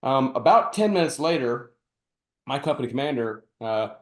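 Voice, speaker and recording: A man's voice: mid-range voice, normal speed. Man telling war stories in a roomy echo. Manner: animated anecdote telling with acted-out quotes. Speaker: podcast host and retired army officer. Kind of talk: casual storytelling conversation.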